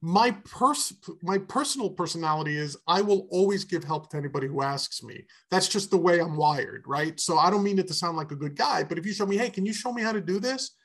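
Higher-voiced man in easy chat. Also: lively intonation, a little fast, few pauses, a bit bright. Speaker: podcast co-host. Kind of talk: casual sports chat.

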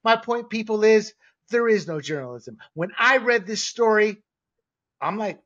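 A man's voice: high voice, lively intonation, measured pace, a bit bright, muffled recording. A man hosting a sports podcast, giving blunt, emphatic opinions in a ranting way. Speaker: podcast host.

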